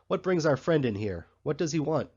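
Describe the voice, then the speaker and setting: A man voicing a bustling, grumbling male election canvasser in a storybook reading, with a husky, slightly muffled sound. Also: fairly high pitch, sing-song, a little mellow, pitched above the performer's own voice. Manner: brisk, grumbling, complaining.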